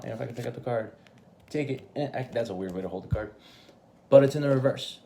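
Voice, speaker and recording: A man's voice: medium pitch, fast talker, mellow, slight background noise. Casual swearing man reading tarot. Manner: casual, swears freely, says "right?" often. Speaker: tarot reader.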